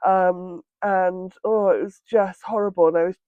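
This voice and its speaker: A woman sharing a personal healing story at home, talking in a tender, halting way with many pauses, tearful with red, itchy eyes. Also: lowish voice, steady tone, no echo, phone-quality sound. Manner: tender, halting, pausing often with ums. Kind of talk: reflective personal monologue. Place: indoors at home by a window.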